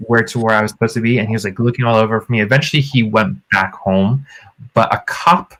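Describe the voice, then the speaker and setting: A man's voice: lowish voice, steady tone, quick pace, fairly bright tone. A man co-hosting a podcast, telling a story animatedly and acting out the quotes in a raised voice. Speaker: podcast co-host. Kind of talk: casual storytelling chat.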